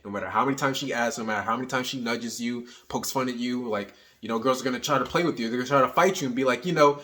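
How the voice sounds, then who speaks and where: Young guy dating coach, talks casual and playful, keeps saying right, mid pitch. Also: rapid-fire, hardly any pauses. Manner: tags points with "right?", energetic and teasing.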